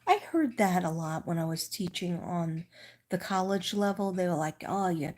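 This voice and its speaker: Middle-aged woman, new york accent, lowish voice, rambling livestream chat, slips into whispers. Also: normal speed, darkish tone. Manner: rambling, restarts, drops into whispers. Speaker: livestream host. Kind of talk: casual livestream chat with viewers.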